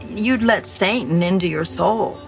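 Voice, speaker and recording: An actress playing a naive nun, speaking in a bright, incredulous way in a film clip. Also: female voice, mid-range voice, unhurried, creaky. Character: nun, woman, wide-eyed and naive. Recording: film clip over music.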